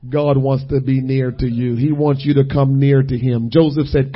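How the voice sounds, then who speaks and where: A man preaching a sermon, dropping to a hush and then rising to shouts, repeating phrases for weight. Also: medium pitch, fairly even intonation, moderate pace, few pauses, slightly rough, highs cut off. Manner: swings between hushed and shouting, repeats phrases.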